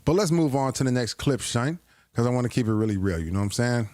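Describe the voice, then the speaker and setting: A man's voice: medium pitch, animated, fast talker, a little mellow, dry recording, studio quality. A man hosting a livestream, chatting casually as he reacts to clips in a rambling, joking, self-deprecating way. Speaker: livestream host.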